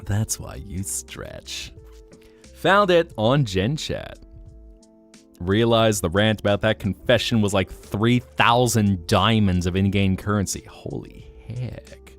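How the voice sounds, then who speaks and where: A man's voice: lowish voice, very animated, slow, faint music behind. A man streaming as a VTuber, chatting casually with his live chat in a playful, teasing way with joking mock denials.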